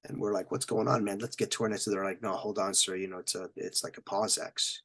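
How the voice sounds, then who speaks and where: A man's voice: fairly low pitch, fairly even intonation, fairly quick, a bit bright, breathy edge. A middle-aged man, a military veteran, telling stories as a podcast guest, acting out quotes and sound effects and swearing freely. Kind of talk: storytelling in a podcast interview.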